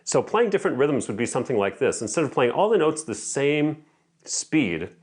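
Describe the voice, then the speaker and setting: A man teaching piano, explaining practice methods in a clear, methodical way and calling out rhythm examples. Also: mid-range voice, very animated, normal speed. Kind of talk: instructional lesson. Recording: faint piano music in background. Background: piano playing between explanations.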